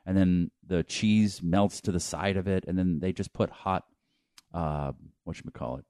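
A man's voice: low voice, steady tone, normal speed, a little mellow, no room sound, clean studio sound. A man co-hosting a podcast, joking and swearing freely, rambling through casual explanations. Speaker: podcast co-host. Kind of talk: casual chat.

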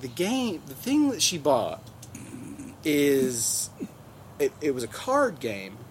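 Chatty storytelling man, slightly high voice. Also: huge pitch swings, slow, a little hiss or hum. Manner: rambling, profane, acts out voices in anecdotes. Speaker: podcast host. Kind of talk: casual comedic storytelling.

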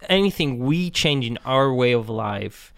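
A man's voice: mid-range voice, expressive, a little slow, gravelly, fairly bright tone, clean tone, no echo, clean studio sound. A man, a Hebrew speaker, co-hosting a podcast and sometimes searching for the right English word. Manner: hesitant, searches for words. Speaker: podcast co-host. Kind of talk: casual political chat.

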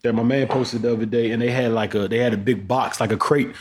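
A man co-hosting a podcast, telling stories in rapid, animated casual chat full of slang. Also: mid-range voice, husky. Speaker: podcast co-host.

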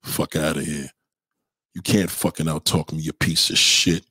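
A man's voice: very deep voice, animated, moderate pace, pushed and bright, slightly rough, no room sound. A man, from Brooklyn, hurling mocking, profane insults in a livestream rant. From Brooklyn, New York. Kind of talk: trash-talking livestream rant.

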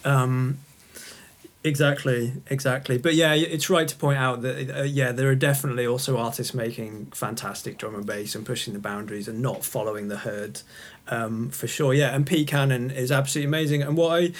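A man's voice: mid-range voice, steady tone, a little fast. A man hosting a podcast, chatty and agreeable in casual conversation. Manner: chatty, agreeable, laughs easily. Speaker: podcast host.

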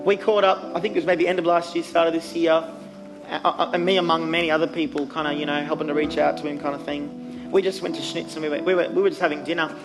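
A man's voice: a little high, level tone, fast, rough recording. Earnest man preaching over guitar. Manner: earnest, emphatic preaching with fillers. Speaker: church youth pastor. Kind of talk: sermon. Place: church stage.

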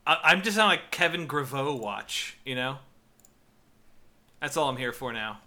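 A man co-hosting a podcast in casual chat, excitable and laughing often, with frequent filler restarts. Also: mid-range voice, measured pace. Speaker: podcast co-host.

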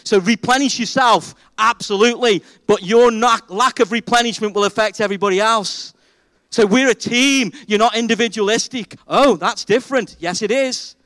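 A man preaching a sermon as pastor, emphatic and animated, asking the congregation rhetorical questions. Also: high-pitched, moderate pace, no echo. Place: church.

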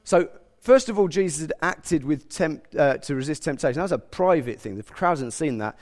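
A man's voice: a little high, animated, a little fast, darkish tone. Man preaching an expository sermon. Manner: expository, conversational with self-corrections.

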